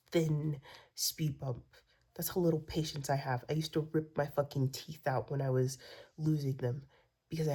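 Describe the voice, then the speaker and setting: Woman ranting into her vlog, husky and mellow, cussing and repeating herself. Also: sits low. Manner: profane, repetitive venting, drops to whispers. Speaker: vlogger. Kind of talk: rambling vlog rant.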